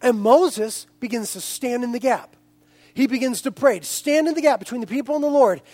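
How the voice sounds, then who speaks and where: A male pastor preaching a sermon in an animated way, speaking directly to the congregation. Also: extremely high pitch, a little fast, no echo.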